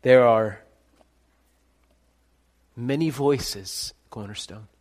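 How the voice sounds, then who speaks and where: A pastor preaching a sermon, swinging between hushed reflection and loud, ringing calls. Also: male voice, medium pitch, extremely slow. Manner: dramatic shifts between soft and loud, calling out names.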